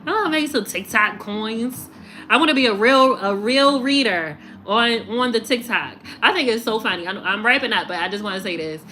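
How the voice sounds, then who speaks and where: Laughing, swearing and mocking, a woman doing tarot readings chats casually and animatedly on a live stream. Her voice drops low and slows as she signs off, with soft music underneath.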